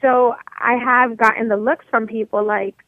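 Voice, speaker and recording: A woman from New York in her thirties, a motivation coach talking as a radio guest in a blunt, energetic, straight-talking way over the phone. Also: a little high, moderate pace, no echo. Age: 30s. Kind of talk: radio interview. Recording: tinny phone line, dry.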